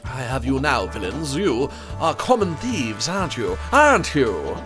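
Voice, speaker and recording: A man's voice: mid-range voice, sing-song, unhurried, over music. A man voicing a pompous male penguin detective in a video game, with theatrical, self-important declarations.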